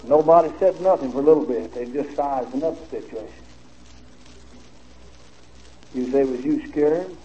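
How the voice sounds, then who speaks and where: A man preaching, telling a story in a folksy, animated way on a dull, old recording with faint hiss. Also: medium pitch, fairly quick. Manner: folksy, animated storytelling with laughter and drawled asides. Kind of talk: storytelling sermon.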